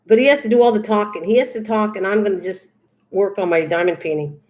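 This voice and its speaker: A woman's voice: mid-range voice, fast, darkish tone. An older woman hosting a craft livestream, chatting casually with her viewers in a goofy, teasing, rambling way. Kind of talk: casual chat with live viewers.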